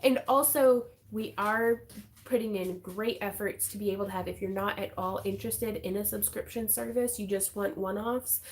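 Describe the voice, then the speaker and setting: A woman hosting a craft livestream, chatting casually in a bubbly, excitable way with frequent giggles. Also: medium pitch, normal speed.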